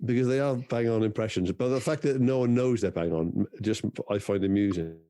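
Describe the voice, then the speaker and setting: A man's voice: lowish voice, brisk, warm tone, no room sound. A man co-hosting a podcast, teasing his friend in casual chat over a video call. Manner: dry, teasing. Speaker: podcast co-host.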